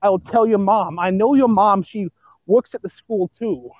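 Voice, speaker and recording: A man's voice: sits high, normal speed, no room sound, lo-fi sound. A man voicing a stern middle-school librarian woman with a Boston accent, scolding a student. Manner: scolding, prim.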